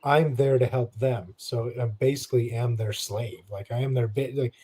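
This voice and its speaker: A man's voice: medium pitch, fairly even intonation, normal speed, dark tone, slightly rough. A man in his forties chatting casually and easily, with many fillers. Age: 40s. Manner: easygoing, filler-heavy talk. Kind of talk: casual chat.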